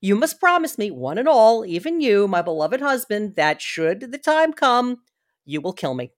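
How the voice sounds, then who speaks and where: A woman's voice: mid-range voice, big pitch swings, moderate pace, no echo, clean studio sound, close to an everyday voice. A woman reading as a devoted earnest young wife. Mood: pleading. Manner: dramatic, heartfelt reading. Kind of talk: amateur dramatic reading.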